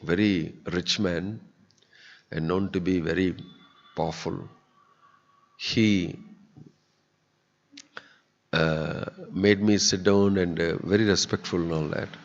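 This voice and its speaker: A low-voiced man preaches in a temple hall, earnest and conversational. His voice rings with a long hall reverb. The recording sounds dull and lo-fi. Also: fairly even intonation, takes it slowly, vocal fry, pauses often. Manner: earnest, conversational, acts out quoted people. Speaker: spiritual teacher giving a discourse. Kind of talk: sermon.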